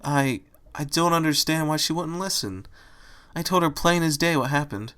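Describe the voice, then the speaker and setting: A man voicing a timid young mare turned into a rabbit, speaking hesitantly and softly. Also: medium pitch, animated, fairly quick, natural voice. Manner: hesitant, soft-spoken.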